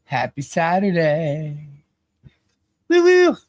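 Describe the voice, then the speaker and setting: Woman livestream host, chatty, laughing, unhurried delivery, dry sound. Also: sits low, huge pitch swings, darkish tone, no room sound. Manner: chatty, laughing, greeting viewers by name. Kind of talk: casual chat.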